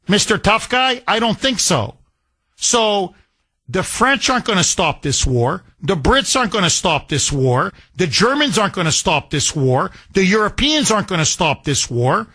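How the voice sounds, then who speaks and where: A man's voice: high voice, big pitch swings, moderate pace, bright, forceful tone. A man hosting a talk radio show, delivering a combative, sarcastic monologue full of rhetorical questions.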